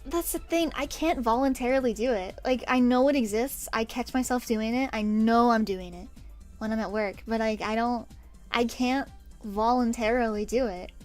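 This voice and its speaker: A young woman VTuber streams while drawing, telling stories in a casual chat full of swearing and laughter. Her voice is on the high side, slightly mellow, at normal speed, with faint music behind her.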